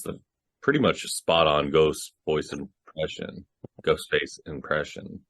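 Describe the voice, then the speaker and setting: Casting: low-voiced guy, animated podcast co-host, swears and laughs a lot. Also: measured pace, no room sound, clean studio sound. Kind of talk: casual movie discussion.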